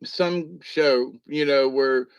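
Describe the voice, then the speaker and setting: A man's voice: medium pitch, slow pace, clean tone, muffled recording. Rambling, chuckling man on a livestream. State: a little high. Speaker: livestream host. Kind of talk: casual late-night chat with viewers.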